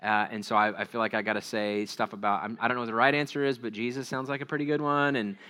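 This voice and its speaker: A male pastor preaching in a loose, conversational way, drifting into asides and poking fun at himself. His voice is bright and forceful, at a middle pitch. He leans on fillers and restarts as he talks. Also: fairly even intonation, fast talker. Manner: rambling, self-deprecating, many fillers. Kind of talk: casual sermon.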